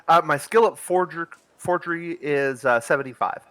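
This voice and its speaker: A man's voice: a little high, normal speed, a bit bright, dry recording. A man explaining his moves as a player in a tabletop game, matter-of-fact. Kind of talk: casual tabletop game talk.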